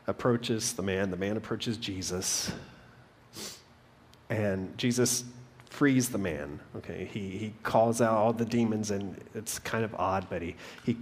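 A man preaching a sermon, earnestly retelling a story with frequent restarts. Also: on the low side. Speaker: pastor.

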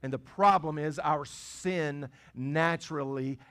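A man's voice: fairly high pitch, slow pace, fairly bright tone. A middle-aged man, a pastor, preaching a sermon in a conversational way, with stammered restarts and phrases repeated for stress.

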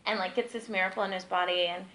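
A young woman teaches a church group in a relaxed, chatty way. She strings her stories together with lots of "like" and keeps her voice at an ordinary middle pitch. It sounds like easy, unscripted talk rather than a polished sermon. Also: fast talker, a little hiss or hum, poor audio. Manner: chatty, peppered with "like", lively storytelling. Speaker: ministry teacher.

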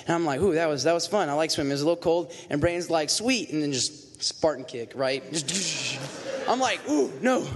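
A teenage boy quickly telling a group a story and acting out the quotes. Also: a little high, big-room sound, noisy background. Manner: fast, acts out quotes.

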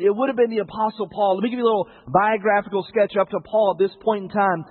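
Male preacher, high husky voice, chatty sermon delivery with rhetorical questions, tinny lo-fi broadcast sound. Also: quick pace, few pauses. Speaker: pastor.

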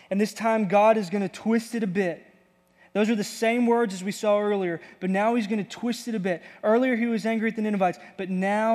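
Higher-voiced pastor preaching in a hall. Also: male voice, normal speed, a little mellow. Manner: emphatic, conversational preaching. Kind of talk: sermon.

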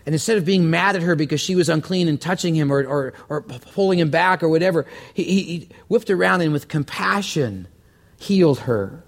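A man's voice: brisk, gravelly. Earnest man preaching a sermon. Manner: earnest, repeats words, climbs in pitch when stirred. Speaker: pastor.

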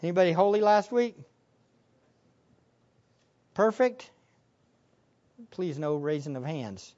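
Animated pastor preaching with dramatic bursts. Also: male voice, high-pitched, slow pace, highs cut off. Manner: animated, acts out voices of disciples with sudden loud bursts. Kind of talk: sermon.

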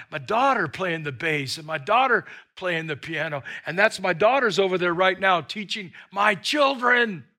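A man's voice: on the high side, pushed and bright, heavily acted. A man voicing God the Father, proud and tender, repeating words as he names his children.

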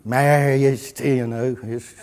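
A middle-aged man, preaching a folksy sermon full of stories, dropping to a hush and then rising loud. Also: medium pitch, level tone, takes it slowly. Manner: folksy, storytelling, wide swings from hushed to loud.

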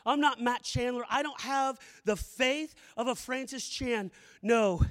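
A man preaching a sermon as a campus missionary, swinging from hushed storytelling to shouted prayer. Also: very high voice, a little slow. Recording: long reverb of a large hall.

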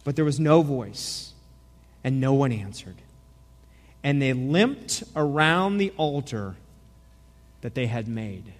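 A man preaching a sermon as a pastor, animated and joking, often stumbling over his words as he restarts. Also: mid-range voice, slow pace, long pauses. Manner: animated, joking, many repeated starts. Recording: long hall reverb.

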